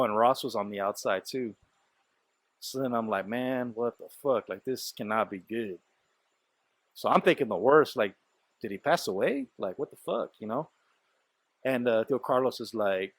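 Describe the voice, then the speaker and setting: A man's voice: lowish voice, normal speed, no echo. Profane storytelling man, dry close sound. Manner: loose, profane, talks in a rush of fillers and quoted speech. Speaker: podcast host. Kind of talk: casual storytelling.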